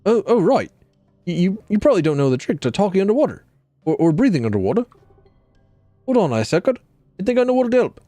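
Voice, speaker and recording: An excitable young fish-man gushes in bright, eager bursts, his voice pitched well up and swinging through a lively range, as a man puts him on while reading game dialogue aloud. He sounds friendly and a little boastful, quick to exclaim, with a soft hum of background music. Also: no echo. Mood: chirpy.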